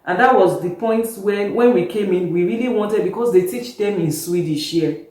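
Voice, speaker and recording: A woman in her thirties, a guest telling stories in casual interview chat, animated and laughing often. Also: medium pitch, moderate pace. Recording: very echoey room, distant mic.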